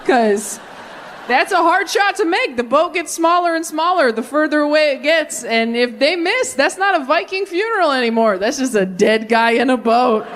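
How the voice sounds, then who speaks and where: A young woman performs stand-up on a theater stage, her voice a touch high and lively. She tosses out self-deprecating asides and chats with the audience. A faint hum of the room sits behind her. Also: moderate pace, few pauses. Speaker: stand-up comedian. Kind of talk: stand-up set with crowd work.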